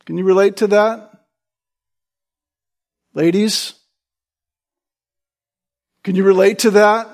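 A man preaching a sermon, emphatic, often checking in with his listeners with a quick "right?" and restarting words as he presses a point. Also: sits high, little pitch movement.

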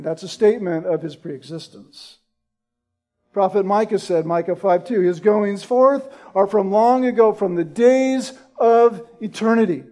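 A man delivers a sermon in a high, mellow voice. He speaks slowly and deliberately. He leans hard on key lines with mounting intensity. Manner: emphatic, deliberate, rising in intensity on key points. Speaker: preacher.

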